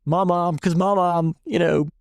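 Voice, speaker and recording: Man, chef guest, lively storyteller, laughs a lot, high voice, dry sound. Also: unhurried, vocal fry, no room sound. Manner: animated, laughs often, tells stories with voices. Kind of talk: casual storytelling chat.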